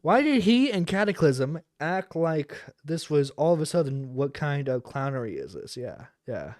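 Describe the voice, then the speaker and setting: A man's voice: a little high, big pitch swings, moderate pace, a little mellow, no echo, studio quality. A man hosting a live stream, ranting in heated, profane reaction commentary. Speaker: streamer host.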